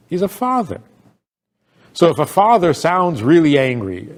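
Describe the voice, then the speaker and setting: A man's voice: on the high side, big pitch swings, moderate pace. An older man, a rabbi, giving an informal talk to an audience, telling stories, asking rhetorical questions and laughing often.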